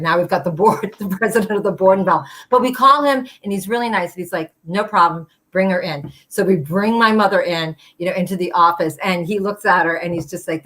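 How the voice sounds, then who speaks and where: A woman's voice: on the low side, a bit bright. A woman telling a personal story at a live storytelling show, chatty and full of fillers, acting out the voices of the people she quotes.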